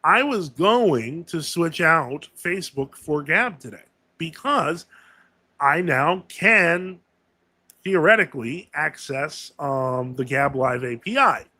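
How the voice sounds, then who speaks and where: A man's voice: fairly high pitch, animated, slow, pushed and bright, no echo. A man hosting a casual live Q&A stream, talking in a rambling way with many fillers and self-corrections.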